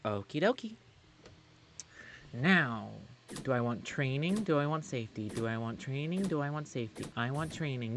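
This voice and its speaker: A man's voice: mid-range voice, expressive, normal speed, fairly bright tone, slight background noise. A man casually commenting as he streams a management game, chatty and muttering through his choices.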